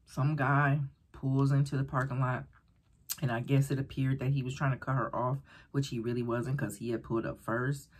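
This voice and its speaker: Very husky woman telling a story. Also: rumbling low, normal speed. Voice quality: very breathy, husky. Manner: animated, acts out quoted voices, rambling restarts. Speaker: vlogger. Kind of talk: casual storytelling while eating.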